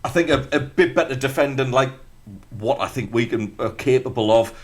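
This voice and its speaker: A man's voice: medium pitch, brisk. North East English male pundit, chatty and rambling, everyday mid voice. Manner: chatty, frequent fillers and restarts. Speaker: football pundit. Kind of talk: casual radio chat.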